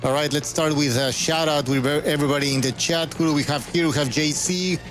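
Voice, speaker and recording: A man's voice: on the high side, steady tone, a little fast, fairly bright tone, faint music behind. A man co-hosting a live podcast, chatting loosely and calling out names from the chat. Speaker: podcast co-host. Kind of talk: casual live-stream podcast intro.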